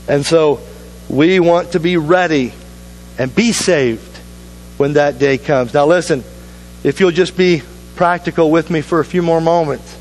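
A man's voice: on the high side, a little mellow, slight background noise, rough recording. A man pastor preaching a sermon in a church, earnest and urging, with repeated appeals to the congregation. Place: church sanctuary.

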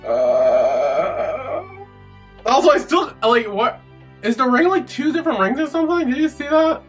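A man's voice: extremely high pitch, very animated, measured pace, faint music behind. A man hosting a reaction video, giving flustered, groaning running commentary with frequent swearing, recorded on his own camera at home.

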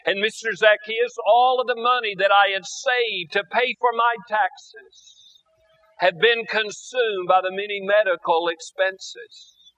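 A man's voice: fairly even intonation, slow pace, pushed and bright, recorded from a distance, exaggerated voice. A preacher voicing a desperate, sick woman pleading tearfully for mercy, on a dull lo-fi recording. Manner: pleading, raised tearful pitch.

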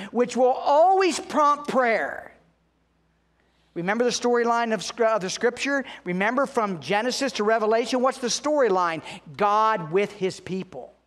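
A pastor with a notably high, fairly bright voice delivers a Sunday sermon. He preaches earnestly, slowing down and raising his voice to drive home each point.

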